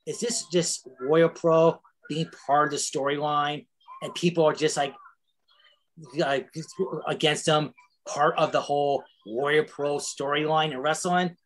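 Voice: mid-range voice, fairly even intonation, unhurried, low-quality recording. A wrestler chatting casually on a podcast, rambling with lots of fillers and swearing freely.

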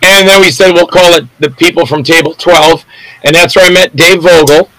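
An older man spins a long, rambling showbiz anecdote in a casual interview and acts out the voices of the people in it. His voice is bright and a little high, recorded dry and close. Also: fairly even intonation, normal speed, dry recording, poor audio. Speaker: actor and interview guest.

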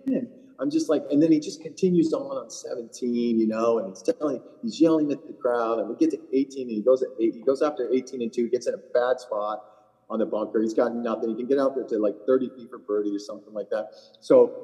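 A man's voice: medium pitch, dark tone, long reverb tail, poor audio. Blunt, profane middle-aged man. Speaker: PGA Tour caddie, podcast co-host. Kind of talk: casual podcast chat.

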